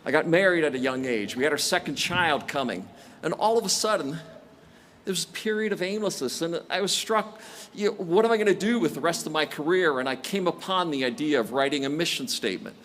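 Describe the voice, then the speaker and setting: An older man in his sixties delivers a commencement address at a large graduation ceremony. His voice sits a little high for a man, and he tells stories with self-deprecating jokes. A faint hum of ambient noise runs underneath. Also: lively intonation, a little fast, a bit bright. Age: 60s. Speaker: commencement speaker.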